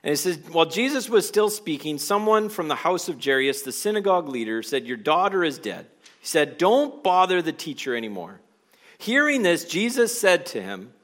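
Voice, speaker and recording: A man preaches to a congregation in a church. His voice sits fairly high and swings widely up and down. He talks in a conversational way and keeps asking the room questions. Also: very animated, moderate pace, a bit bright. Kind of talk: sermon.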